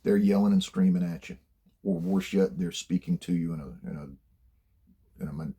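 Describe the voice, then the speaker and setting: A man's voice: low-pitched, animated, measured pace, pauses often, warm tone, slightly rough. An older man giving blunt, plainspoken career advice in a casual monologue, swearing freely as he tells stories from his working life. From United States.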